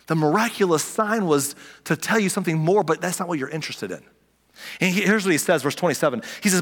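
A man's voice: on the high side, lively intonation, a little fast, a bit bright. Man preaching casually in a reverberant hall. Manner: conversational, acts out the characters' lines. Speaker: pastor. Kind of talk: casual sermon.

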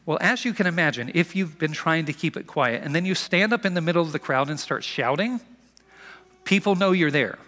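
A male pastor delivers a sermon in a chatty, storytelling way. His pitch is slightly high and swings widely as he speaks. A long reverb from the church sanctuary follows each line. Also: brisk. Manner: animated, conversational storytelling. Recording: long reverb of a large hall.

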